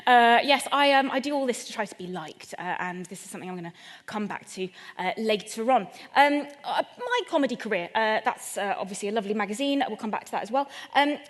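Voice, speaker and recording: A woman's voice: on the high side, animated, brisk. Playful woman comedian in a reverberant hall. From England. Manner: chatty, playful, self-deprecating, addresses the audience. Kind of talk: stand-up comedy talk. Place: event venue in front of a live audience.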